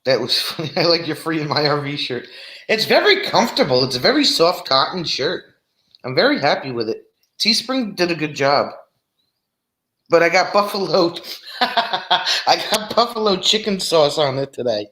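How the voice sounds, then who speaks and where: A man's voice: fairly high pitch, big pitch swings, moderate pace, bright, forceful tone, echoey room. A man from New Jersey hosting a casual live stream, chatting and laughing as he answers viewer comments. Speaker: live stream host reading chat.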